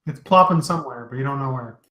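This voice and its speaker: A man's voice: mid-range voice, fast talker. Game master, male, laid-back scene-setter with lots of fillers, roomy echo. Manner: relaxed, rambling with fillers. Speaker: dungeon master. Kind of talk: narrating a tabletop game.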